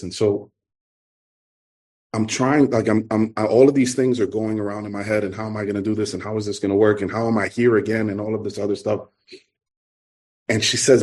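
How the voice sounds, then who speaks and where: Middle-aged man, New York accent, earnest halting testimony at a recovery meeting, lowish voice. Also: fairly even intonation, darkish tone. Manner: earnest, halting, repeats himself. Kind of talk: personal testimony talk.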